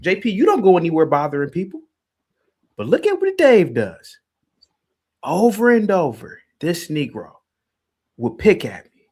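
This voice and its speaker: A man hosting a livestream, in the middle of a heated rant. His voice swings widely in pitch as he taunts and calls out a caller. He sits a little above the usual male pitch. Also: wildly swooping pitch, moderate pace, long pauses, a little mellow, breathy edge. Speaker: livestream host.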